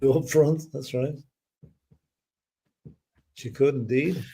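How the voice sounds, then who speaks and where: A man co-hosting a casual fan chat show, speaking in a measured, agreeable way with halting restarts. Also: mid-range voice, warm tone, husky. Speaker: co-host of a fan channel show.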